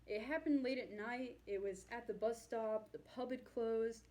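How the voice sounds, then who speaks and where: A woman's voice: on the high side, measured pace, warm tone. A woman performing a stand-up comedy set on stage, with a dry, self-deprecating delivery. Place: on stage before an audience.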